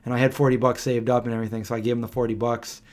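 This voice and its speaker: A man chatting on a late-night live stream from home, his voice at an ordinary middle pitch. He rambles along, trails off while hunting for names, and now and then hums a little tune to himself. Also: flat delivery, rapid-fire. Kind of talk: casual chat. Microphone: desk microphone.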